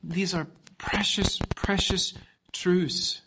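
Man, pastor, sermon, unhurried delivery, emphatic, loud then hushed, faint noise behind. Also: high voice, steady tone.

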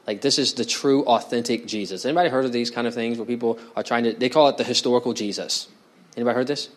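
A man's voice: medium pitch, fast talker. Man preaching a sermon to a congregation. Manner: conversational, asks the congregation questions. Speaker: pastor. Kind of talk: expository sermon.

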